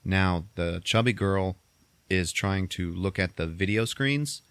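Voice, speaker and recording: Low-voiced man telling a movie story. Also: slow pace, clear, resonant tone, no echo. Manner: animated storytelling, swearing, acting out characters in squeaky voices. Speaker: podcast host recapping a movie. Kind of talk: casual chat.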